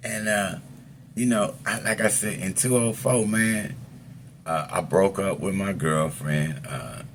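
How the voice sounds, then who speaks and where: A man's voice: deep voice, slow, slight background noise. A middle-aged man telling a story about his past in casual, profane street talk, rambling through fillers and chuckling between phrases.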